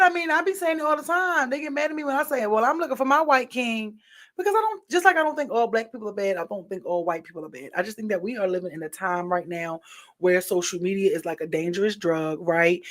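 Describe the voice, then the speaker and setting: A woman talks straight to her audience in a loose, unscripted monologue. She is frank and opinionated, circling her point with fillers and restarts, and her voice sits at an ordinary middle pitch. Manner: candid, rambling, opinionated, with many fillers. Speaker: vlogger.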